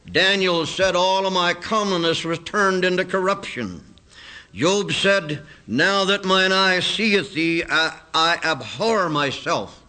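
A man preaching a sermon, reading scripture aloud in an earnest, measured cadence. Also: high-pitched, bright, forceful tone, poor audio.

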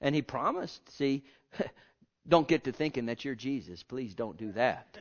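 A man preaching a sermon, swinging from hushed murmurs to loud, fervent exhortations. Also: mid-range voice, expressive, a little slow, dull audio.

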